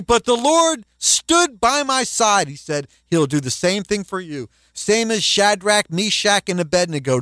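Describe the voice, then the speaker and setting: A man preaching a sermon as a pastor, emphatic and rising in pitch when quoting scripture. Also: fairly bright tone, no echo.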